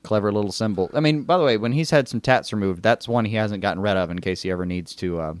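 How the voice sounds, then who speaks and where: A man's voice: on the low side, quick pace, no echo. A man co-hosting a podcast, chatting casually about a TV episode, rambling with frequent restarts. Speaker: podcast co-host. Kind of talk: casual TV review chat.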